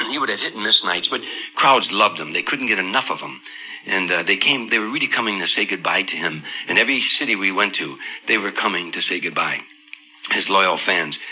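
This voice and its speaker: An older man with a low-pitched voice tells a vivid story in an interview, acting out each quote with relish. His tone is very bright and forward. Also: rough recording. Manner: vivid, dramatic storyteller who acts out quotes. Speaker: performer recounting a tour.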